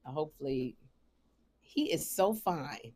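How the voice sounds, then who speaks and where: A middle-aged woman co-hosting a podcast, chatting casually, animated and talking over others. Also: sits low, measured pace. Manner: animated, interrupts and overlaps freely. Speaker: podcast co-host. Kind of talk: casual chat.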